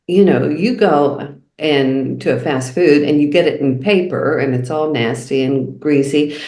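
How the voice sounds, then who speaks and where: Low-pitched woman co-host, chatty storyteller, echoey room. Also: warm tone. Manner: storytelling, acts out quoted voices. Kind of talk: casual chat.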